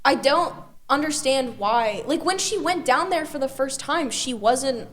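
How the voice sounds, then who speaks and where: A woman's voice: high-pitched, expressive, unhurried, fairly bright tone, slight background noise. A young woman co-hosting a podcast in casual chat, rambling and peppering her talk with "like". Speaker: podcast co-host.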